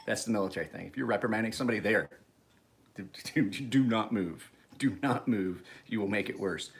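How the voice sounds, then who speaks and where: Man, forties, lowish voice; profane, laughing vlog storyteller. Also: a bit bright. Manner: profane, chuckling, rambling storyteller. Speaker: knife sharpener vlogger. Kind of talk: casual rambling monologue.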